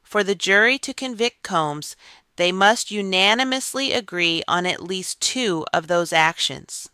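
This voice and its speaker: Narrator for a news recap: measured, even read, sharp smooth tone, no room sound. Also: medium pitch, no echo. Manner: even, measured reading of court reports.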